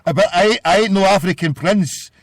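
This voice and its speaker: A man's voice: high-pitched, moderate pace, vocal fry, crowd noise. A Scottish man hosting a call-in radio show, rambling and jokey, with a lot of stumbling restarts. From Scotland. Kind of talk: casual call-in radio chat.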